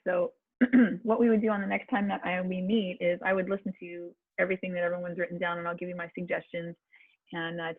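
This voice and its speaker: A woman voice coach with a lowish voice teaches an online public speaking class over a video call. The audio is tinny and dry, with no room sound. She's chatty and encouraging, with fillers and restarts.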